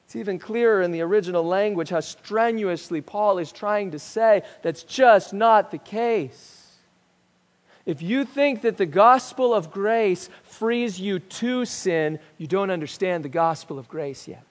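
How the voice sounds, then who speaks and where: A male pastor preaching a sermon, swinging between loud emphatic declarations and hushed, quiet lines. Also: high voice, unhurried. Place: church sanctuary. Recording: long reverb of a church hall.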